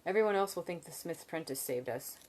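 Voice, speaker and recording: A woman voicing a calm, measured middle-aged innkeeper in a fantasy novel reading, speaking quietly and seriously. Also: lowish voice. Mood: earnest.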